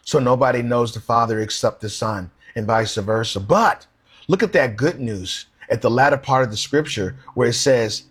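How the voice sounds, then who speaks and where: A man's voice: mid-range voice, moderate pace, a bit bright, husky. A man preaching a sermon, earnestly reading scripture aloud and asking rhetorical questions.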